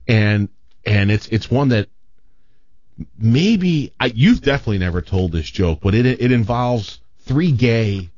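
A man's voice: fairly low pitch, unhurried, no echo, dull audio. A man hosting a radio show in casual chat, telling a story with many restarts. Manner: rambling with restarts, animated joke telling.

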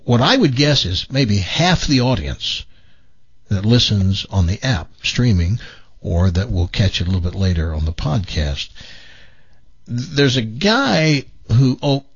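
A man hosting a radio show in the studio, telling stories in a rambling, animated way with lots of restarts. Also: lowish voice, breathy edge, dull audio. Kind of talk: casual morning show banter.

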